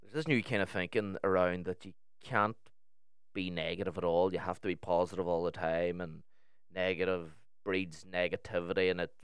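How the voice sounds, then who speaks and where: A man's voice: sits low, fairly even intonation, normal speed, clear, resonant tone, dry recording, studio quality. A man in casual podcast chat, talking candidly and swearing freely as he tells personal stories.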